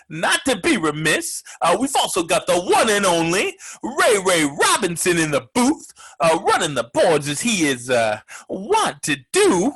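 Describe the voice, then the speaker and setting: A man's voice: high-pitched, huge pitch swings, unhurried, hardly any pauses, fairly bright tone, breathy edge, rough recording. A man hosting a comedic sports radio talk show, brash and profane, rambling with lots of filler words.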